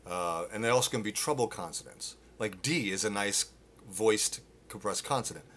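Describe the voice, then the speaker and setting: Bright-voiced male vocal coach. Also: lowish voice, moderate pace, slight background noise. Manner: demonstrates with loud sung grunts and vocal exercises; explaining, with restarts and fillers. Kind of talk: live-streamed singing lesson. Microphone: phone.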